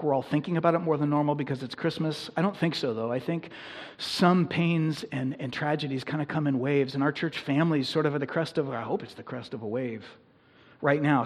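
In a church sanctuary, a pastor delivers an earnest, conversational sermon to his congregation that grows more intense. He has a highish, slightly mellow voice.

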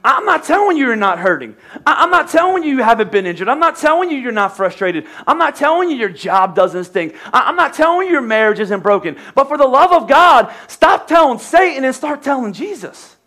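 A man's voice: extremely high pitch, sing-song, a little fast, few pauses, pushed and bright. An American man preaching a sermon as a pastor, conversational and joking, with repeated phrases. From United States.

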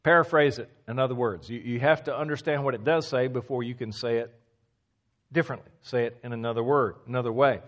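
A man preaching a teaching sermon in a mid-pitched voice. He leans hard on repeated phrases and falls to a quiet hush to drive points home. Now and then he stammers or restarts a word. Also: fast talker. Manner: emphatic, repeats key phrases, drops to a low hush for stress.

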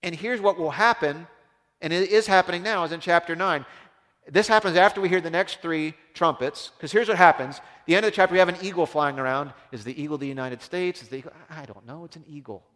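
A man preaching a sermon as a pastor, impassioned, swinging from loud emphasis down to hushed, low tones. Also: fast. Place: church. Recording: long reverb of a large hall.

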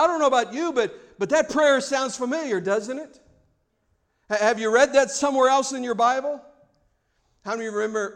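A male pastor with a strikingly high voice delivers a sermon. He acts out pleas loudly, then drops to a near hush for emphasis. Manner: dramatic, acts out quoted pleas, swings from loud to hushed.

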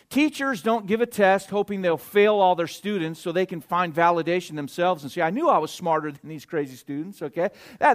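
A man preaching a sermon and reading scripture, speaking emphatically. He swings between loud stresses and quiet asides and keeps checking in with his listeners. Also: high-pitched.

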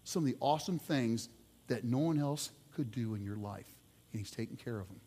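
Animated man preaching in a reverberant hall. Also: mid-range voice, a little fast, slightly rough. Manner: animated storytelling with sudden loud outbursts and quiet asides. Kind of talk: sermon.

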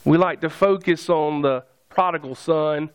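With a slightly high, clean-toned voice and a little slow pace, this pastor delivers a sermon conversationally, tossing jokey asides to his congregation.

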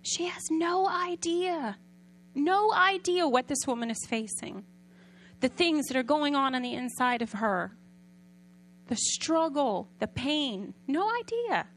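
A woman's voice: high-pitched, animated, slow pace. Chatty woman preacher with raised voice. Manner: conversational storytelling, asks the audience questions. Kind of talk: sermon.

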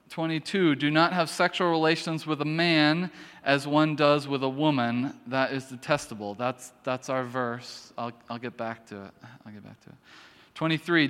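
A man preaching in a church, his fairly high voice smooth and resonant. He drifts between reading scripture and chatty asides, often restarting his sentences. The hall rings with long reverb. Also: steady tone, normal speed, fairly bright tone. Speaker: pastor. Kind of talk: sermon.

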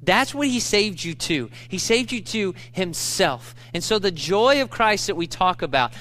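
Male pastor, sermon delivery, high and bright tone, earnest, repeats lines for emphasis. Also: sing-song, measured pace, hardly any pauses. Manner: earnest, repeats key phrases for emphasis, rises in intensity on main points.

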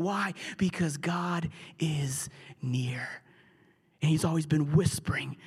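A pastor delivers an earnest sermon. His voice sits fairly high for a man, and he sometimes sinks into a hushed whisper to draw listeners close. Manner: earnest preaching, dropping to a hushed whisper at times.

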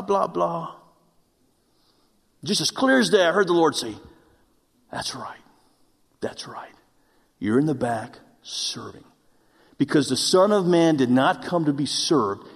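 Brief: male pastor, fairly high voice, self-mocking storyteller turning earnest, long hall reverb of a church. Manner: earnest preaching to a congregation. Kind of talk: sermon.

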